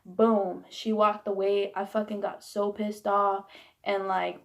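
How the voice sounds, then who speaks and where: A woman's voice: medium pitch, completely flat delivery, measured pace, a bit bright. A young woman in her twenties venting bluntly and heatedly about her upbringing, swearing freely in a candid vlog. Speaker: vlogger. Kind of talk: candid personal rant.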